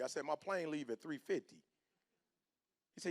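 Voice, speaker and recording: Gravelly, high-pitched motivational speaker man. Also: quick pace. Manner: animated, preachy, slangy, swings from hushed to loud. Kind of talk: motivational speech.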